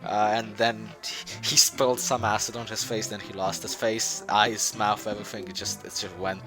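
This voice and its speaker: Halting, rambling young-sounding game developer man. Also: on the low side, flat delivery, music in the background. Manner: rambling, halting, many fillers and restarts; chuckling, offhand. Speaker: game project leader. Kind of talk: joking game showcase.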